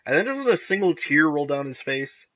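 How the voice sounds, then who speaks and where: Excitable young man, bright voice, lo-fi. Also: fairly high pitch, normal speed. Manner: excitable, laughs often, acts out characters' lines. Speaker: podcast co-host. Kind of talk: casual chat recapping TV episodes. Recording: dull lo-fi recording.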